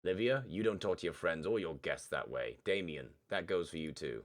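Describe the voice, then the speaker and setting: A man's voice: deep voice, lively intonation, brisk. A man reading Randy, stern scolding father. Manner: firm, scolding. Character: stern middle-aged father keeping order.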